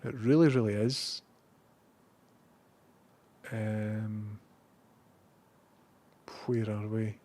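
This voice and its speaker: A Scottish man chatting casually on a live stream. He rambles, swears freely and now and then bursts out loudly. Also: lowish voice, very slow, pauses often. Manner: rambling and profane, with bursts of loud excitement.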